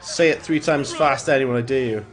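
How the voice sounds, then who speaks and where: A man chats loosely while he plays, drifting between the game and tangents and laughing at his own jokes. His voice sits at an ordinary middle pitch. Game music plays faintly underneath. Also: moderate pace. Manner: chatty, rambling, chuckles at his own jokes. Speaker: gaming streamer. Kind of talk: casual gameplay commentary.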